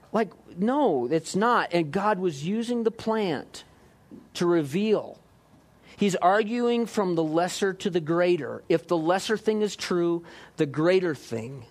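A man preaching a sermon, lively, acting out voices and joking with the congregation. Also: high voice. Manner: lively, acts out quotes, jokes with the congregation. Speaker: pastor.

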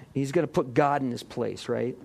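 A man preaching a sermon, lively, acting out voices and joking with the congregation. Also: mid-range voice, moderate pace, creaky. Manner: lively, acts out quotes, jokes with the congregation. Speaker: pastor.

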